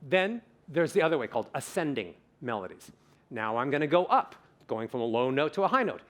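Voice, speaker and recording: A man's voice: medium pitch, fairly quick. A man giving a conference talk as a voice coach, leading the audience through breathing exercises in a playful, demonstrative way. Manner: animated, demonstrates vocal examples, playful. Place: conference stage.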